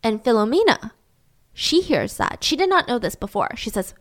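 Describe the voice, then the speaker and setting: High-voiced woman telling a story chattily. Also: sing-song, moderate pace. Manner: chatty, full of "like" fillers. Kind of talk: casual true-crime storytelling.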